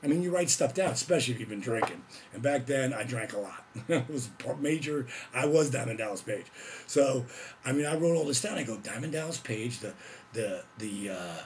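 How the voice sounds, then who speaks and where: An excitable middle-aged man with a gravelly, fry-laden voice tells a story in a loose, casual way. He whoops, gets loud and acts out what people said. A faint hiss sits under the recording. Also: medium pitch, fairly quick. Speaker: host telling a story.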